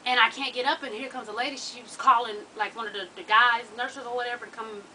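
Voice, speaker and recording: A woman's voice: fairly high pitch, fast talker, distant mic, a little hiss or hum, rough recording. A woman telling a long story to her viewers, laughing and swearing freely. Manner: profane, animated, laughs while telling. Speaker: vlogger.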